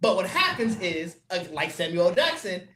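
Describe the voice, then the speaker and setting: A woman's voice: on the low side, sing-song, moderate pace, a bit bright, slight background noise. A woman co-hosting a podcast in casual chat, emphatic and laughing. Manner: emphatic, laughing, jumps in over others. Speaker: podcast co-host.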